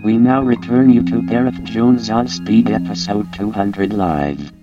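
A man voicing a bored male robot announcer who makes flat, deadpan announcements. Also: fairly low pitch, measured pace, natural voice. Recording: dull lo-fi voice from a distance over loud music.

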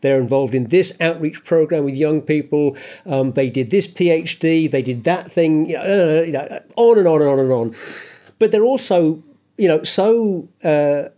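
A male co-host with a slightly raised pitch chats in an enthusiastic way, telling stories and laughing along. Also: moderate pace, mellow. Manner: chatty, enthusiastic storyteller. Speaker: podcast co-host. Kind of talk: casual podcast chat.

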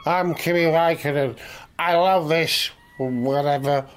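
Man doing a deadpan mumbling racing driver. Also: a little high, unhurried, noisy background, pitched below the performer's own voice, close to an everyday voice. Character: [impression of] laconic Finnish racing driver, blunt and unbothered.

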